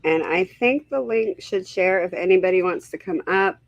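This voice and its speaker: A woman's voice: fairly low pitch, normal speed, gravelly, no room sound, muffled recording. A woman hosting a casual livestream, greeting viewers one by one and sounding a little unsure of herself. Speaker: livestream host.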